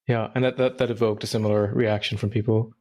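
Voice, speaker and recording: Thoughtful lower-voiced male host. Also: level tone, fast, darkish tone. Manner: thoughtful, searching for words. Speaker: podcast host. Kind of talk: casual interview.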